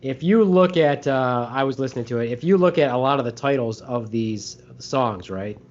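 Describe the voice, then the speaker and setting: A man's voice: mid-range voice, animated, moderate pace, a little mellow. A man co-hosting a casual podcast chat, talking in a joking, rambling way with many fillers. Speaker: podcast co-host. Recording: dull lo-fi sound.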